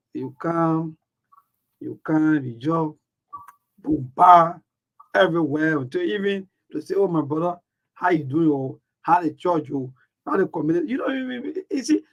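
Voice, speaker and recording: A man co-hosting a casual talk show, rambling and animated, often calling others brother. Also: fairly high pitch, measured pace, dull audio.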